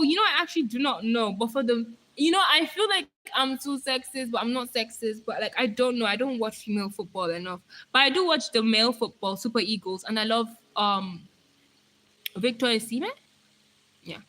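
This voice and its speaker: A woman's voice: fairly high pitch, pushed and bright, rough recording. A young woman from Nigeria chatting casually on a live stream, hyper and talkative, reading viewer comments aloud.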